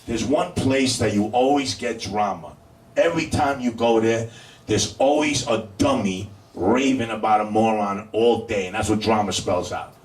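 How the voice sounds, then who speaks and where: Man hosting a comedy club, roomy and distant. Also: fairly low pitch. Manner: banters with the crowd, drawn-out punchlines. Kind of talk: stand-up and crowd work. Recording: roomy club sound from afar with faint noise.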